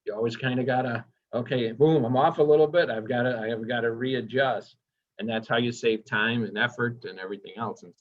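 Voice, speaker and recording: A man giving a casual training lecture, enthusiastic and chatty, asking the class questions as he goes. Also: mid-range voice. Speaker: workshop instructor. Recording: dull lo-fi recording.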